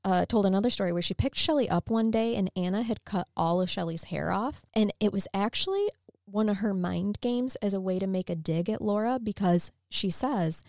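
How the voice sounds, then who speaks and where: A woman telling a true crime story in a relaxed, chatty way, full of wry asides. Her voice sits in a middle range. The sound is dry and close to the mic. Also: mid-range voice, normal speed, dry recording. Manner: animated, wry, retells case with asides. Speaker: true crime podcast host. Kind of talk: casual storytelling chat.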